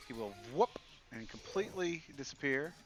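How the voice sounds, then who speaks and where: A man's voice: mid-range voice, lively intonation, moderate pace. A man playing a tabletop game, joking and swearing as he narrates his character's moves. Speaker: player. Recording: music playing behind. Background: background music.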